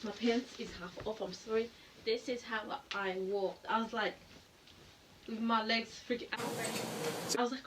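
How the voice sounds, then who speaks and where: A young woman vlogger frankly telling a personal story to camera in a casual, animated way, acting out what people said. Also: a little high, unhurried, a little hiss or hum. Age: young adult. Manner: frank, animated, acts out quoted voices.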